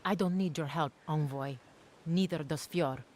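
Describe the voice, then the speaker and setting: A woman's voice: deep voice, unhurried, a little mellow, a little hiss or hum. An actress playing a wary, proud young woman with a thick put-on Italian-style accent in a video game. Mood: curt. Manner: curt, then grudgingly thankful.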